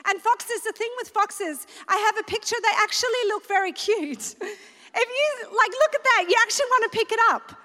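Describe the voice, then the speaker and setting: A woman delivers an earnest sermon, her voice pitched very high. She slows into soft, emphatic readings of scripture. The sound carries a long hall reverb. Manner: earnest, warm preaching with slowed emphatic readings. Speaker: women's conference speaker.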